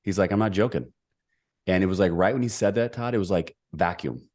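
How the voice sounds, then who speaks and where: Deep-voiced, fast-talking middle-aged man. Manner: energetic, emphatic storyteller. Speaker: podcast guest, executive coach. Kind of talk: storytelling in a podcast interview.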